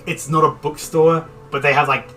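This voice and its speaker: A man's voice: on the high side, flat delivery, normal speed, bright, forceful tone. A man narrating as game master in a tabletop game, chatty and often laughing. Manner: giggly, loose, chatty. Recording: distant mic with faint music.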